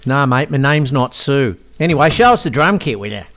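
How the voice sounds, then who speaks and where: A man's voice: medium pitch, lively intonation, brisk, fairly bright tone. A man hosting a comic sketch, chatting in a blokey, slangy, joking way. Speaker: host.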